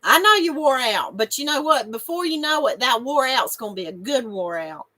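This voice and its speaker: A woman's voice: high voice, expressive, moderate pace, pushed and bright, rough recording. A middle-aged woman, hosting a casual live stream and chatting with viewers, giggly and emotional and laughing often. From North Carolina, USA.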